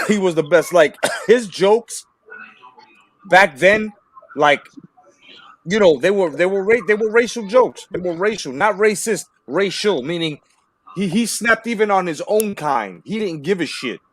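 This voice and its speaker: A man hosting a casual movie-talk livestream, telling stories in an animated, swearing way. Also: high-pitched, measured pace, no echo. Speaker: livestream host.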